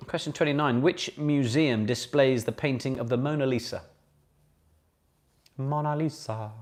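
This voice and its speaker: A man hosting a relaxed online pub quiz, chatty and jokey. His voice sits at an ordinary middle pitch. He reads each question twice and answers viewers' comments as he goes. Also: moderate pace. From Britain. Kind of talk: casual livestream quiz hosting.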